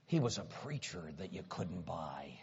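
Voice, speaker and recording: A man preaching a sermon, retelling a story dramatically and swinging from hushed asides to loud, rising exclamations. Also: low voice, big pitch swings, moderate pace, vocal fry, slightly rough. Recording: dull sound with long reverb in a hall.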